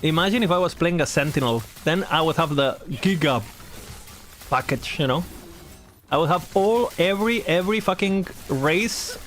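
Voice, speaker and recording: A man's voice: on the high side, expressive, moderate pace, a bit bright. A young man chatting casually while streaming a game, rambling, swearing and laughing often.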